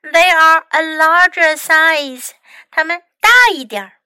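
A woman voicing a gentle older sister who plays shop assistant in a bilingual storybook reading. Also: very high-pitched, slow pace, no echo, pitched above the performer's own voice, full character voice. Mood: teasing. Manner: kindly, teasing.

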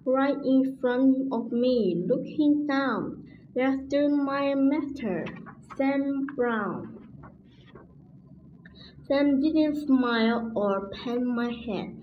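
Woman, slightly high voice, reads a storybook aloud very slowly and haltingly; echoey, tinny phone-like recording with faint hiss. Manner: halting, careful reading with stumbles.

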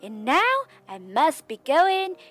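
A mother doing a silly, trusting storybook goose with a high, squealing voice that leaps all over the place. She cries out in bright bursts, soft music playing faintly underneath. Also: huge pitch swings, slow pace, full character voice. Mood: relieved.

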